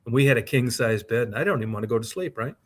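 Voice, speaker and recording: A man's voice: medium pitch, very fast, crowd noise. A man co-hosting a podcast, telling a long, profane anecdote in casual, rambling chat. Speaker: podcast co-host. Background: co-host's short reactions.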